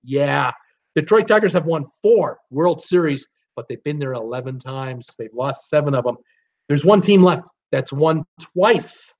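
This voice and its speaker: A man's voice: on the high side, lively intonation, a little slow, dull audio. A man hosting a casual live-stream trivia game, chatty, reading out viewer names and answers with lots of fillers.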